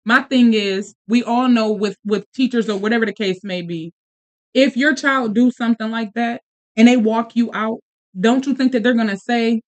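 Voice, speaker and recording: Animated woman telling a story. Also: a little high. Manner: animated, talks in quick bursts with restarts and asides. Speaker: podcast host; mother. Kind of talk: casual storytelling chat.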